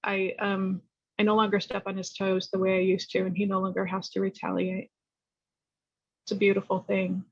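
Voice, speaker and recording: A middle-aged woman from California sharing her personal recovery story at a meeting, candid and rambling, lively when she tells a story. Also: medium pitch, normal speed, no echo, dull audio. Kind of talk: personal testimony talk.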